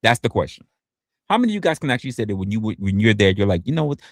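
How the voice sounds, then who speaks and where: A man's voice: very fast, no echo, clean studio sound. A man hosting a casual livestream, talking loosely and profanely and often stumbling and restarting his words. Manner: animated, swinging pitch up and down. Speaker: livestream host.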